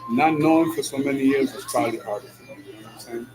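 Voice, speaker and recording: A man's voice: mid-range voice, fast, crowd noise, low-quality recording. A man in a casual monologue, slangy and full of "yo", laughing often as he talks while driving. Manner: slangy, peppered with "yo" and "you know what I'm saying"; laughs often between lines. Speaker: vlogger. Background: music.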